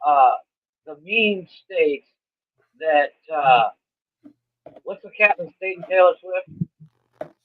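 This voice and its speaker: High-voiced sarcastic co-host. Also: male voice, lively intonation, takes it slowly, long pauses. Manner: sarcastic, agreeable banter. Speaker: podcast co-host. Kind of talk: casual comedy podcast chat. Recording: dull lo-fi mic.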